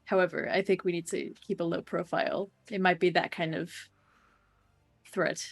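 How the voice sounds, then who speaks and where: Female player, hesitant, fillers, low-ish voice. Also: little pitch movement, moderate pace, gravelly, breathy edge, dry recording, faint music behind. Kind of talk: tabletop role-play.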